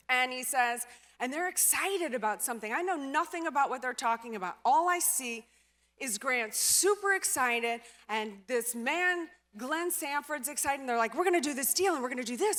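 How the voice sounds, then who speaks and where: A woman with a high, bright voice gives a chatty keynote talk on stage, telling her story with plenty of "like" and "you know". Her voice rings out through a large hall with long reverb. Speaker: conference speaker.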